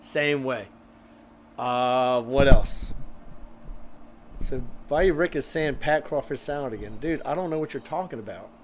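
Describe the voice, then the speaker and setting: A man's voice: medium pitch, unhurried, pauses often, background noise. A man hosting a grilling live stream. He chats loosely with lots of fillers while reading viewer comments, and he is a bit out of breath. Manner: loose and rambling, with many fillers.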